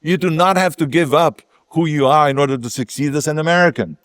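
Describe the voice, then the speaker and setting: A man's voice: fairly high pitch, brisk, a bit bright, no room sound, studio quality. An older man with a German accent, a native German speaker, giving an emphatic ceremonial speech with self-mocking humor. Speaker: guest speaker. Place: outdoor ceremony.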